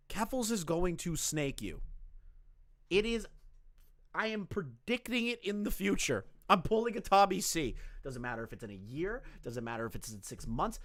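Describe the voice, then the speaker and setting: A man's voice: bright, forceful tone, no room sound, studio quality. A man ranting sarcastically and with profanity on a live commentary stream. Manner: exasperated, profane and sarcastic, with jumps in pitch. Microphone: streaming setup with a camera.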